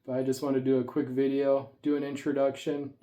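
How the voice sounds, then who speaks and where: His voice sits in the middle range, dark and monotone, and he talks a touch quickly. The man, who vlogs about keeping snakes, is winded after a gym session and chats loosely through his stories indoors at home, recorded on a tripod camera.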